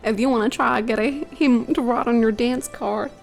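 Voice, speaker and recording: A woman's voice: fairly high pitch, steady tone, moderate pace, gravelly, soft background music. Woman putting on a syrupy southern belle. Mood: hospitable. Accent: put-on American Southern. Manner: syrupy, drawling, hospitable. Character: sweet overeager southern belle noblewoman.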